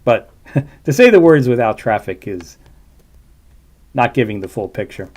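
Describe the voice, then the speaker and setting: A man talks casually to his stream viewers from his computer. His commentary rambles, with fillers and side remarks, at an ordinary middle pitch. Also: sing-song, unhurried, darkish tone, husky. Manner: rambling, chatty, with fillers and asides. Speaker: livestream host reacting to a video.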